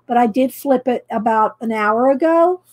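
A woman's voice: on the high side, normal speed, darkish tone. A middle-aged woman from Texas with a light Texan accent, chatting casually and rambling while she colors on a live stream. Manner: chatty, rambling, laughs often. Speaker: artist vlogger.

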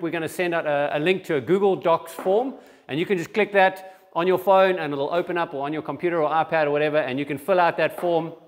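Conversational pastor man, slightly high voice. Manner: conversational, with frequent restarts and repeated words. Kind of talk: sermon with church announcements. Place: church.

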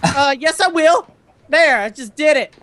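A young man gaming with friends, excitable and quick to yell and whoop. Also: extremely high pitch. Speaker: gamer. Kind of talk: casual gaming banter.

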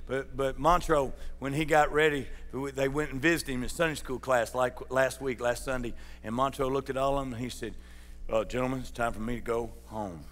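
A pastor preaching a sermon in a folksy way, calling out to the congregation. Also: male voice, mid-range voice, fairly even intonation, normal speed, a bit bright. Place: large church sanctuary. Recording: church hall reverb.

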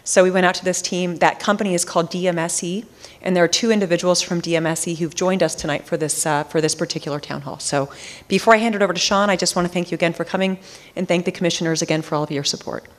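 A woman who organizes a race event, giving a quick, informal presentation at a town hall meeting. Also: on the low side, fairly even intonation.

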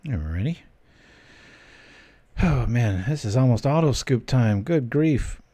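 A man's voice: mid-range voice, lively intonation, takes it slowly, dark tone, no echo. A man giving casual gameplay commentary while reading his stream chat, chatty and joking. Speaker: streamer playing a card game.

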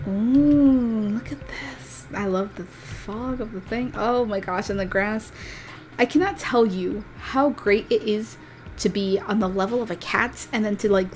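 A woman giving casual, excitable commentary while playing a game, gushing with delight. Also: mid-range voice, slight background noise. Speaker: let's play gaming creator. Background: game music.

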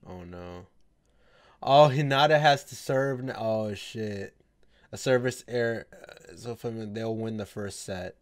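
A young adult man hosting an anime reaction, talking in slangy, excitable bursts with loud outbursts and frequent laughter. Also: on the low side, slow pace.

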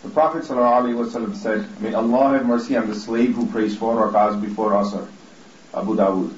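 A man's voice: fairly low pitch, steady tone, fast talker. Distant man reading aloud in a roomy space. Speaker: reader. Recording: distant, roomy lo-fi recording with faint noise.

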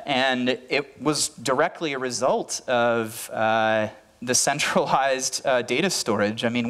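A man's voice: medium pitch, a bit bright. A man giving a conference talk who speaks earnestly, often repeating words and restarting his sentences.

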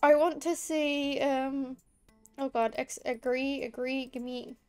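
High-voiced chatty Scouse woman. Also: little pitch movement, slow pace, darkish tone, faint music behind. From Liverpool. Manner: rambling and chatty, lots of fillers. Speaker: streamer. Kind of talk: casual game stream chat.

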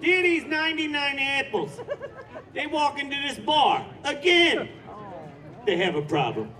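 A man's voice: extremely high pitch, very animated, measured pace, pushed and bright, some chatter behind, full character voice. A man playing a drawling showman who laughs through his jokes at a street show. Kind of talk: live street comedy show.

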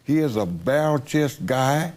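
A man's voice: mid-range voice, expressive, takes it slowly, darkish tone. An older man from the United States being interviewed, telling folksy stories and chuckling as he goes. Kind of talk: storytelling interview.

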